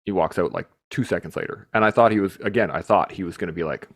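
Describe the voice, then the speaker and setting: Animated swearing male podcast host. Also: sits low, very fast, few pauses. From Canada. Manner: animated, swears freely, laughs mid-story. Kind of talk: casual storytelling chat.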